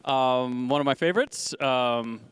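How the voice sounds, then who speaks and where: A man's voice: medium pitch, moderate pace, clean tone. A man announcing a live podcast on a convention stage, upbeat with a few hesitations.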